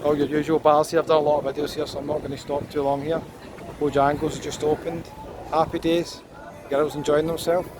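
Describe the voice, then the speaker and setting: A Scottish man with a slightly high voice gives easygoing walking commentary outdoors, talking into a handheld camera as he strolls. Clear traffic and street noise run behind him. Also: brisk. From Scotland. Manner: chatty, relaxed tour guide, pointing out places as he walks. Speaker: walking tour vlogger. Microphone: handheld camera while walking. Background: outdoor traffic and street ambience.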